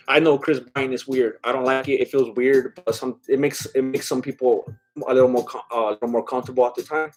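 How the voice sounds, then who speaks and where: A man's voice: medium pitch, fairly even intonation, a little fast, soft background music. A man streaming live, reading chat and rambling casually with lots of fillers and laughs. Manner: rambling, filler-heavy, self-deprecating laughs.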